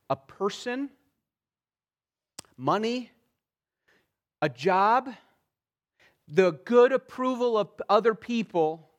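A pastor whose voice sits high preaches an expository sermon, earnest and pleading. He shifts between soft passages and emphatic ones.

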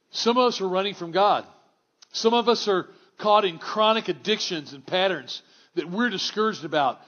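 High-voiced pastor preaching. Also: male voice, dull audio. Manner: conversational, wry, swings from hushed to exclamatory. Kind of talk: sermon. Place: church in front of a congregation.

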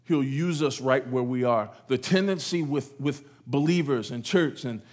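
A man's voice: medium pitch, normal speed, a little mellow. A man preaching a sermon to a congregation in a church, repeating phrases and acting out voices as he goes. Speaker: pastor.

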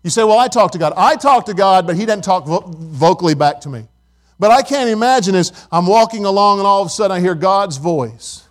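Preaching to his congregation, this middle-aged male pastor talks a little fast in a high, lively voice. His sermon feels like a conversation, full of questions for the listeners and stories.

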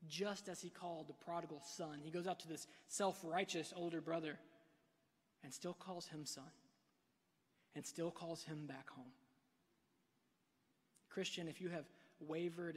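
A man preaching a sermon from a church pulpit, swinging between hushed and loud delivery. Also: on the high side, fairly even intonation, measured pace, long pauses. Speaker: pastor. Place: church sanctuary. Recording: long reverb of a large hall.

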